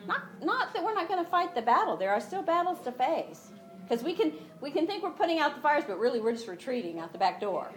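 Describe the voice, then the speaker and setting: A woman's voice: high-pitched, fast talker, slight background noise. A woman giving a conversational Bible teaching to other women, acting out the quoted lines with a lifted voice. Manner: animated, acts out quotes with rising voice; conversational, frequent "you know".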